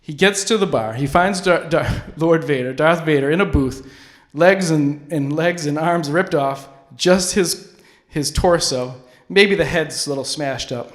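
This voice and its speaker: A man's voice: fairly high pitch, a little slow, a bit bright. A man hosting a public access comedy show, delivering a rambling, goofy monologue full of restarts. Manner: rambling, self-interrupting, goofy.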